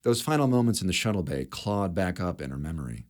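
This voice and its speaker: A man narrating a sci-fi audiobook chapter in a steady, measured way. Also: low voice. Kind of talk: scripted narration.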